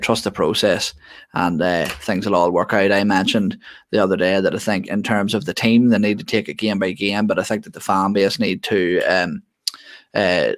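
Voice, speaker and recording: An Irish man with a lowish voice chats easily on a podcast. He agrees readily and often sounds amused. He keeps a relaxed, informal tone. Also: dry recording. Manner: agreeable, easygoing, quick to laugh. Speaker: podcast co-host. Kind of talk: casual podcast chat.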